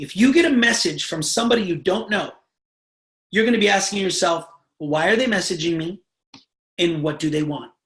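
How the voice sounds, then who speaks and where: A sales trainer coaching a team over a live video call, pressing each point hard and checking in again and again. The voice sits in a middle pitch. The audio rings with room echo. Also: a bit bright. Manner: emphatic, repeatedly checks in with the audience.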